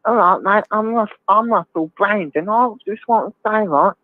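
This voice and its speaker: A whiny, preachy Cockney celebrity, put on by a man, drawing out his sermon in a high, nasal voice. The sound is thin and phone-like, with no room echo. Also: natural voice. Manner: lecturing, drawn-out. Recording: tinny phone-like line, dry.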